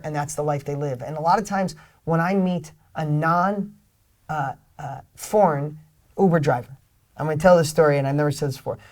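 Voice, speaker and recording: A middle-aged man, a guest author and speaker, giving energetic motivational talk in an interview, emphatic and swinging between loud bursts and soft asides. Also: on the high side.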